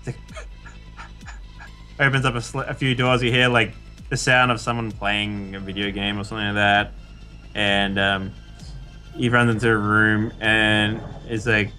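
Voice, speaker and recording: A man narrating as game master of a tabletop role-playing game, laughing often and slipping into quick character voices. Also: fairly low pitch, flat delivery, pushed and bright, soft background music.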